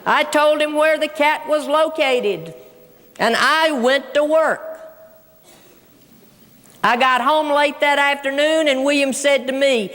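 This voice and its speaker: A woman's voice: high-pitched, takes it slowly, pauses often, a bit bright. A woman giving a humorous storytelling speech to a large audience. She talks folksy and keeps addressing them as folks. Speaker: keynote speaker. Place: large auditorium. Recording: long hall reverb.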